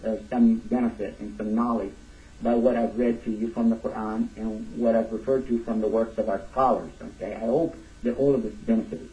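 Male religious teacher, casual emphatic sermon, distant dull lo-fi recording. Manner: emphatic, casual, with sudden high bursts. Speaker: Islamic teacher. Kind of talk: lecture sermon.

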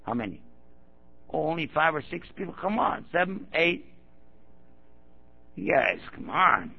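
A man preaching to a gathering, his voice gravelly and rough. He tells stories and acts out the people in them, and now and then he prods the listeners directly. The sound is thin and tinny, like a phone line. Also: fairly high pitch, sing-song, measured pace. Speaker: Muslim preacher. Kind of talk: storytelling talk to an audience.

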